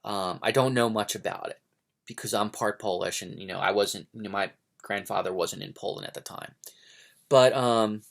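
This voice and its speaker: A man's voice: fairly low pitch, normal speed, creaky. Rambling, hesitant American man. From United States. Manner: hesitant, many fillers and restarts; digressive, opinionated. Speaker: book vlogger. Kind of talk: casual rambling monologue.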